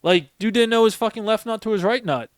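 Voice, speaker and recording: High-pitched and quick, the young podcast host and former Marine sergeant tells meandering, forceful stories laced with cursing in a laid-back chat. His tone is clean, and the studio sound is clean too, with no room echo.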